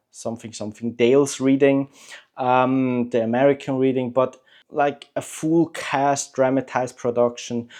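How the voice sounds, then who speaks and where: A man hosting a book channel, talking to camera in a relaxed, chatty way with frequent hesitations and clear opinions. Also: medium pitch. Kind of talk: casual talk to camera.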